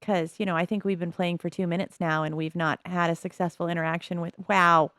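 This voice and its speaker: A woman chatting casually as she plays a life-simulation game, musing aloud with soft laughs. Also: on the low side, flat delivery, fairly quick, no room sound, studio quality. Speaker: gameplay commentator.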